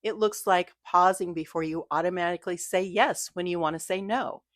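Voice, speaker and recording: Soft-spoken woman coaching ppl through mindfulness, kinda low voice, dry close sound. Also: steady tone, moderate pace, dry recording. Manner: gentle, reassuring, coaching tone. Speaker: mindfulness creator. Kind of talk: scripted talk to camera.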